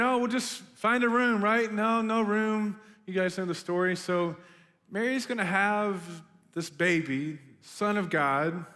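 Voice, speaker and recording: Man, young adult, youth pastor, casual sermon, high voice, ringing reverb. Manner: chatty and animated, lots of "like" and "right?". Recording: long hall reverb.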